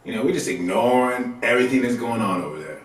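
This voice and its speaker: Lively, loose stand-up comic man. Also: medium pitch, fast. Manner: loose, conversational, colloquial delivery with lively swings. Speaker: stand-up comedian. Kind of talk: stand-up comedy set. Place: comedy club stage. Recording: roomy club sound from a distant mic.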